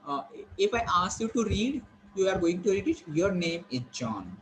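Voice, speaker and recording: Male lecturer, slightly raised pitch, halting and repetitive classroom delivery. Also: big pitch swings, fairly bright tone, slight background noise, poor audio. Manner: explanatory, repetitive, many fillers and restarts. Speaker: college lecturer.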